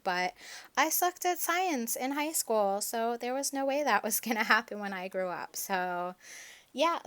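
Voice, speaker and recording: A woman's voice: mid-range voice, a bit bright. A young woman narrating her planner video in a chatty, enthusiastic, rambling voice-over. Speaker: planner vlogger.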